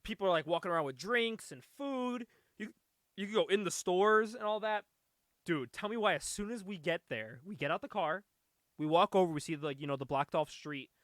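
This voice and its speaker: A man hosting a laid-back comics podcast, energetic and profane, laughing through his stories. His voice sits a little high and sounds bright, recorded close and dry. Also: a little fast, dry recording. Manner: excitable, profane storyteller, laughs often. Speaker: podcast host. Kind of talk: casual chat.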